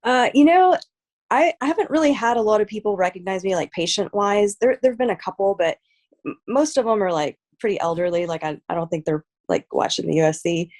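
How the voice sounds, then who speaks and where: A woman from Texas, a fighter, talking casually as a podcast guest, soft-spoken with many "like" and "um" fillers. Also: mid-range voice, fairly quick. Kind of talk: casual interview chat.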